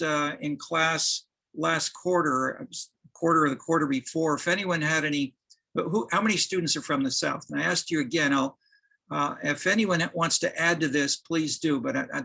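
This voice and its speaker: A man giving a university lecture, halting, with many restarts and fillers. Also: fairly high pitch, creaky, bright, forceful tone, slightly rough, poor audio.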